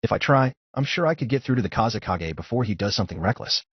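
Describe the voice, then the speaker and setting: A man's voice: medium pitch, animated, quick pace, breathy edge, no echo. A man reading as a furious hot-headed young ninja. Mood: firm. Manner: furious, cursing, accusing. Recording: dull lo-fi recording.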